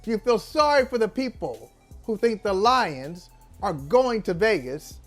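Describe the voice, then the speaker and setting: A man hosting a sports talk show, teasing his co-host in an animated debate. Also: sits high, moderate pace, soft background music.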